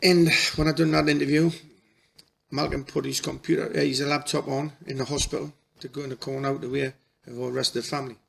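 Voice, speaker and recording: A middle-aged man telling a personal story in a halting, emotional way, restarting his sentences often. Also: mid-range voice, flat delivery, gravelly, breathy edge. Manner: halting, repeats and restarts, folksy dialect. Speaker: spiritual healer.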